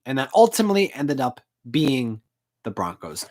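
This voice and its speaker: Recording at home, this female sports fan vlogger delivers a furious postgame rant full of swearing and emotion. Her voice is deep and bass, darkish in tone, with a sing-song lilt at a normal pace.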